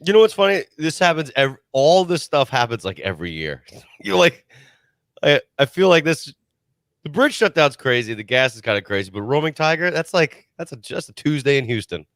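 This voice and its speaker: A man, joking in an amused, lively way during radio banter. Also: on the high side, moderate pace, dry recording.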